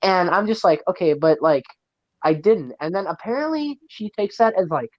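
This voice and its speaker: A man's voice: sits high, lively intonation, normal speed, no echo, highs cut off. A teenage boy telling a rambling story on a podcast, full of "like" and "right?". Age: teens. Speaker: podcast co-host. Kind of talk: casual storytelling while gaming.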